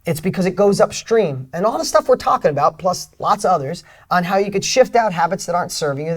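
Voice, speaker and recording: A middle-aged man speaks with fired-up motivational energy in an interview. He is emphatic, and his voice swings widely between loud, high bursts and low, quiet asides. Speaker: guest, author and speaker.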